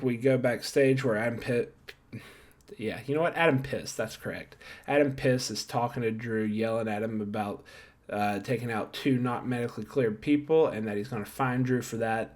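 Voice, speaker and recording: A man's voice: mid-range voice, steady tone, a little fast, a little mellow. A man recapping a wrestling show in a casual, rambling way, correcting himself and tossing in jokey asides while handing out star ratings.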